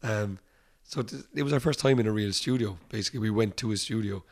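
Speaking quickly in a fairly low voice, a guest musician from Ireland spins relaxed stories during an interview. He mimics the people he quotes and breaks into laughter a lot.

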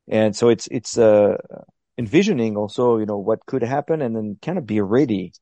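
In a reflective interview, a long-distance paddler explains his methods thoughtfully and step by step, often restarting. He has a lowish, mellow voice at a moderate pace, captured in a dry, lo-fi recording.

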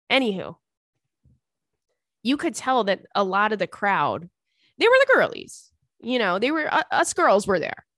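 A young woman hosting a podcast in casual chat, animated and profane, laughing often between thoughts. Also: mid-range voice, unhurried, long pauses, no room sound, clean studio sound. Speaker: podcast host.

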